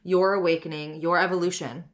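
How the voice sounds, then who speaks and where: Her voice sits lowish, with a steady tone and a brisk pace. She's in her thirties and hosts a personal wellness podcast, talking in a candid, reflective way with frequent "like" and "you know."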